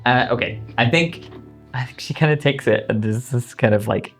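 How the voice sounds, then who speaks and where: A man's voice: medium pitch, moderate pace, a bit bright, faint music behind. A man running a tabletop game as game master, talking casually and hesitantly, with frequent ums and laughs. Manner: hesitant, lots of ums and restarts, laughs often.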